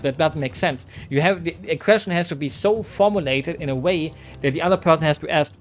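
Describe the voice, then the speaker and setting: A man's voice: fairly high pitch, brisk, few pauses. A man streaming a game, chatting loosely with his chat, joking and rambling with lots of "like" and "you know". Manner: rambling, joking, many fillers.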